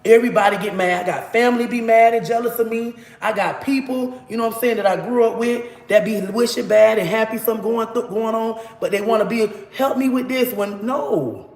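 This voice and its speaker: Cooking in her home kitchen, a livestream vlogger chats preachily and boastfully to her viewers, calling them baby and honey as she talks into a phone propped nearby. Her voice is a little high and a little mellow, and she speaks briskly with hardly any pauses. The room is echoey, with a big-room sound.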